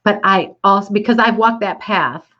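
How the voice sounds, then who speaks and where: A woman speaking earnestly and from the heart about a personal experience, a little teary-eyed, with the odd restart and soft laugh. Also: mid-range voice, normal speed, muffled recording. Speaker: motivational speaker. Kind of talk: personal reflective monologue.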